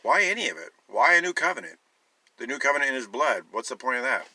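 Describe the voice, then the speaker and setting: A man's voice: medium pitch, sing-song, fast talker, pushed and bright, no room sound, low-quality recording. A man giving an emphatic sermon-style talk, urging listeners and piling up rhetorical questions, with a wry, sarcastic edge. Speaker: Christian teacher.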